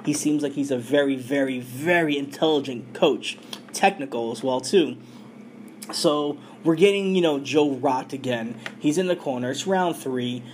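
A man's voice: medium pitch, normal speed, slight background noise. Casual man recapping an anime episode. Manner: loose, filler-heavy retelling with quoted dialogue. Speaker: podcast host recapping an anime.

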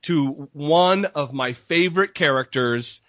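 A man's voice: on the high side, measured pace, no room sound, lo-fi sound. A man hosting a podcast in a casual chat, sarcastic and profane. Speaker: podcast host.

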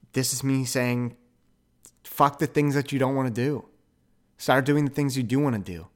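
A young man hosting a podcast, telling a rambling story with quick self-corrections and an upbeat, animated manner. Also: medium pitch. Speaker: podcast host. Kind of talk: casual monologue.

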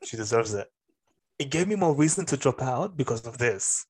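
A young man co-hosting a casual podcast, his voice sitting at an ordinary middle pitch. He tells stories with lively energy, swearing freely and slipping into other people's voices as he goes. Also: normal speed, husky. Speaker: podcast co-host. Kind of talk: casual storytelling chat.

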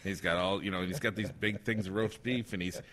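Podcast host guy, bright punchy voice, laughing thru a story he loves telling. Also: sits low, steady tone, fairly quick, in a large hall. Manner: laughs while retelling a favorite story. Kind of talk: casual chat.

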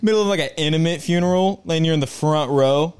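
A young man with a slightly higher-pitched voice, chatting with friends. He tells things bluntly, joking crudely and swearing freely. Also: fast talker, darkish tone, smooth. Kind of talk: casual chat.

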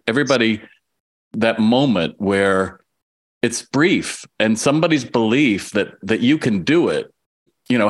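Man, sixties, interview host, low voice, conversational and reflective. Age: 60s. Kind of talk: casual interview chat.

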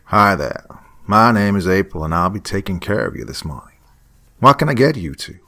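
A man's voice: deep voice, sing-song, moderate pace, sharp tone, exaggerated voice. A man voicing a friendly young waitress with a slight Southern accent, in a spoken horror story. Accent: slight Southern US (figure).

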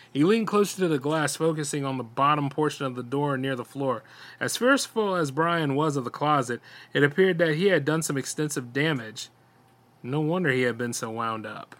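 A man, a podcast host, reading a horror story aloud in a steady storytelling voice with small stumbles. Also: mid-range voice.

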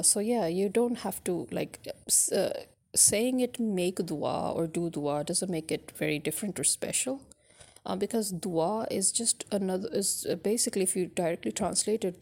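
Gravelly-voiced woman teaching spoken English. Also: medium pitch, warm tone. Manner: loose, explaining with many fillers.

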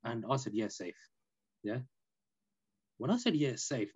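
Man, podcast guest, storytelling, emphatic and chatty, mid-low voice, lo-fi dull recording. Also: measured pace, slightly rough. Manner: animated, emphatic, peppered with "innit" and "you know". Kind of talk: casual storytelling chat.

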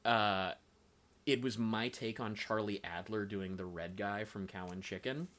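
A voice actor appears as a podcast guest, chatting casually and animatedly, laughing often and swearing freely. His voice is fairly low and he talks a little slowly.

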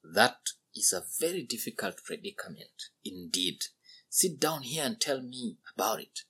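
A man voicing a kindly old man, chatting gently and with delight. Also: lowish voice, very animated, a little slow, breathy edge, full character voice. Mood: gentle.

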